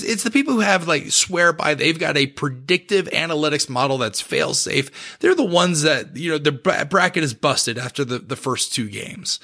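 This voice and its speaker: A man's voice: fairly high pitch, bright, forceful tone. A man co-hosting a podcast in casual chat, reading listener mail and often breaking into laughter. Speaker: podcast co-host.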